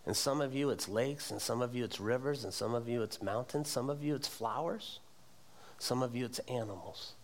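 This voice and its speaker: A middle-aged man preaching a sermon in church, with animated delivery that climbs to emphatic peaks. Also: medium pitch, normal speed. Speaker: pastor. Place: church sanctuary.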